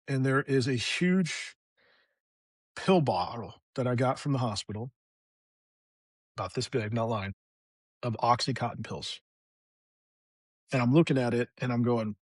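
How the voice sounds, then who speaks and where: A man's voice: mid-range voice, unhurried, pauses often, no echo. A middle-aged man, a veteran guest on a podcast, candidly recounting a hard personal story, raw and emotional, swearing freely.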